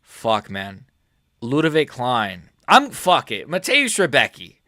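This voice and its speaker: A man hosting a casual fight predictions vlog, excitable and jokey, swearing freely and correcting himself mid-sentence. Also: mid-range voice, takes it slowly, dry recording, clean studio sound. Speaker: MMA prediction channel host.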